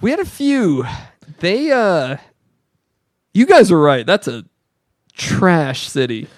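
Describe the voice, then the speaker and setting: Speaking slowly, a male podcast co-host recounts a story during relaxed conversation. He is an animated storyteller whose pitch jumps as he performs the quotes, all captured in a dry, studio-quality recording.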